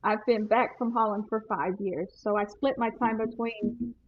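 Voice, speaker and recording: A woman's voice: a little high, fairly even intonation, moderate pace, muffled recording, slight background noise. An older woman from Tennessee, a grandmother and podcast guest, chatting in a rambling, self-correcting way. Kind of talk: casual interview chat.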